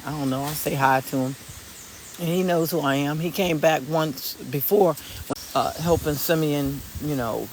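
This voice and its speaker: A vlogger chatting casually on a live stream from an outdoor garden, telling stories bluntly with swearing and excited exclamations. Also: mid-range voice, slight background noise. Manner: animated, blunt storytelling with swearing; excited exclamations while looking at plants. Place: outdoors in a garden among fruit trees.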